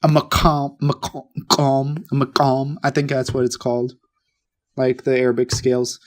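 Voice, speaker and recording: A man co-hosting a podcast, telling stories in a rambling, excitable way. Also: mid-range voice, unhurried. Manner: rambling, excitable storytelling with restarts. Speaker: podcast co-host. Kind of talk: casual chat.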